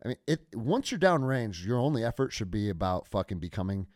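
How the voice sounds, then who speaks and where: A man hosting a podcast, a military veteran, chatting casually with a lively, profane way of talking. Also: on the low side, brisk, no room sound, studio quality.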